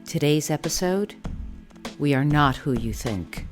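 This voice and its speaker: A woman hosting a podcast, reading scripted introductions in a measured way. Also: low-pitched, animated, over music. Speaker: podcast host.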